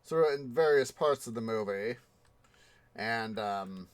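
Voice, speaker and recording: A man's voice: medium pitch, measured pace, clean tone, no echo. A man hosting a casual gaming livestream, rambling through a story with many ums and restarts. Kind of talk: casual livestream chat while playing.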